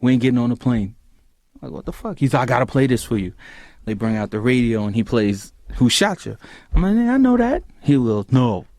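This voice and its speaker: A man tells a long story in a loose, animated way and acts out the other people's lines in it. His voice jumps up sharply when he quotes people in an argument. The sound is dry and close to the mic. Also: mid-range voice, brisk, dry recording. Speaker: clip storyteller. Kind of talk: recounting an anecdote.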